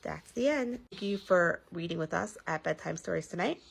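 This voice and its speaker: A woman reading a bedtime story aloud with expressive, sing-song delivery. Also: lowish voice, moderate pace, gravelly, husky, low-quality recording.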